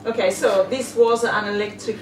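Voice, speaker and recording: A woman's voice: medium pitch, fairly even intonation. Giggly woman interviewer, echoey room. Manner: giggly, effusive, fast questions. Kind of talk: casual backstage interview. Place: backstage at a music club. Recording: roomy, distant, crowd noise behind.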